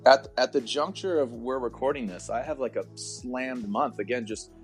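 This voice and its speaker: A man's voice: medium pitch, normal speed. Guy in his 40s rambling on a podcast, stops and restarts a lot, cracks jokes, bit of music behind. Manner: rambling, self-interrupting, joking. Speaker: podcast guest, motorsport announcer. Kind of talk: casual chat.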